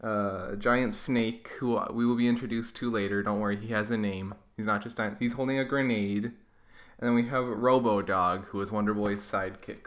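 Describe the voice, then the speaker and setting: A YouTuber reads through comics he drew as a kid, offering wry, sarcastic commentary for comedic effect. His voice is on the low side and moves at a moderate pace.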